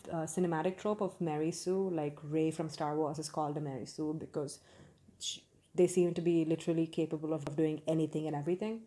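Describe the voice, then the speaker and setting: A woman's voice: deep voice, dark tone, slight background noise. A young woman giving a casual, candid book review, opinionated and full of fillers and restarts.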